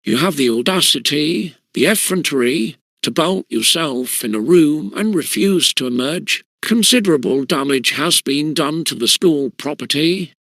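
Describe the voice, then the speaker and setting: A man voicing a stern, formal elderly headmaster with a deep voice. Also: expressive, measured pace, gravelly, hardly any pauses, fairly bright tone, dry recording, full character voice.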